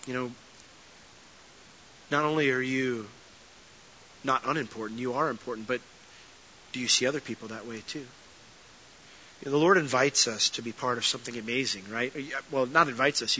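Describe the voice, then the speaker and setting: A man pastor delivering a sermon, telling stories with lively energy and dropping to soft earnest tones. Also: medium pitch, lo-fi sound, a little hiss or hum. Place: church sanctuary.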